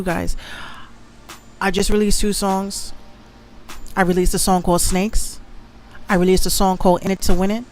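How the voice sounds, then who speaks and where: A woman's voice: medium pitch, a little hiss or hum. A young woman from the Bronx with a Bronx accent, hosting a casual livestream, brash and boastful, repeating herself often. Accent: New York, Bronx. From the Bronx, New York. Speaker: livestream show host, rapper and producer.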